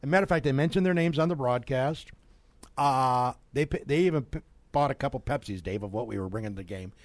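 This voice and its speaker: A man's voice: mid-range voice, fast talker, dry recording. Chatty middle-aged male radio host. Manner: animated storyteller, laughs mid-sentence. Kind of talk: casual storytelling and sponsor reads. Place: radio studio.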